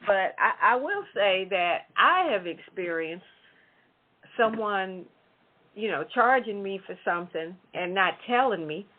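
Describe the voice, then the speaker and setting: Woman cohost chatting calm and thoughtful, mid pitch, tinny phone line sound. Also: measured pace. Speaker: talk show co-host. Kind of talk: casual chat. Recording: phone-like lo-fi audio.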